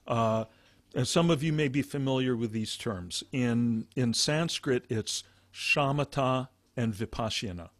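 A man teaching a meditation class who talks in halting phrases, restarting often and explaining with plain examples. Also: medium pitch, no echo. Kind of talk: dharma talk.

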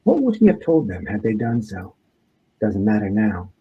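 A man, an author, reading aloud from his own book in a measured, deliberate way. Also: lowish voice, huge pitch swings, husky, narrow, tinny audio.

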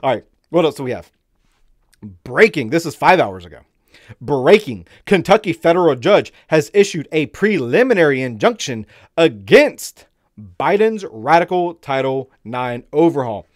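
A somewhat high-voiced man chatting on a live stream, loose and rambling with plenty of fillers and repeated words. He reads headlines out slowly and deliberately, then breaks into excitable, eager commentary. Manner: slows down when reading headlines aloud. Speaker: streamer host.

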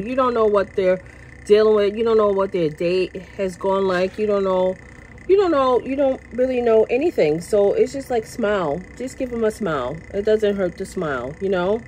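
A woman talks to camera from her workplace in an easy, chatty vlog style. Her voice sits at a middling pitch and she often repeats phrases. She gets passionate and loud at times, with faint ambient noise behind her. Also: poor audio. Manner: chatty, repeats herself, tags lines with "okay?". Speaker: vlogger. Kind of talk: casual chat to camera. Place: at work, indoors.

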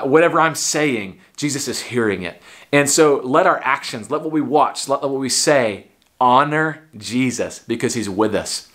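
Young male pastor, Texan accent, mid-pitched voice, loose conversational sermon full of restarts and repeated words. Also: fairly bright tone. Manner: quotes people and Jesus in short acted voices. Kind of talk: livestreamed sermon.

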